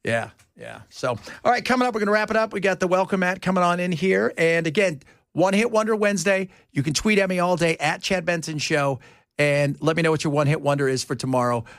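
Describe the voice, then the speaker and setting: A man hosting a talk radio show, joking around in casual banter with a playful, animated manner. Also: high-pitched, brisk, dry recording, studio quality. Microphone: studio microphone.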